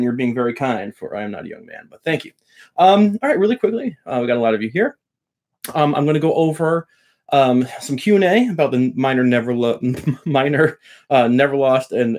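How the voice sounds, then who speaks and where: A man's voice: mid-range voice, darkish tone. Chatty man hosting a guitar live stream. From Long Island, New York. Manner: chatty and joking, greets viewers by name. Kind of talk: casual live-stream lesson and chat.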